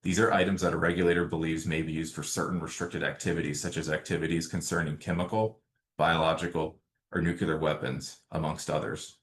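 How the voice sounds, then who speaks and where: Low-voiced man giving a legal webinar. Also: level tone. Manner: measured, explains slide by slide. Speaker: lawyer presenting a webinar. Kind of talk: prepared legal presentation. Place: remote setting, webinar.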